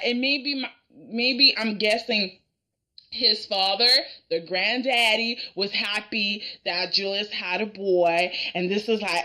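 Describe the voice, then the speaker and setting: A woman's voice: medium pitch, animated, slow pace, pushed and bright. A woman casually recapping a TV drama, chatting and acting out the characters' lines with frequent laughter. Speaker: reaction video host.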